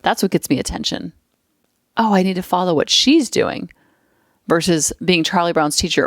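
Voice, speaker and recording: A woman's voice: lowish voice, moderate pace, no room sound. A woman hosting a parenting podcast, talking casually and earnestly into a close mic. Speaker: podcast host, parenting coach. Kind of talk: casual solo podcast talk.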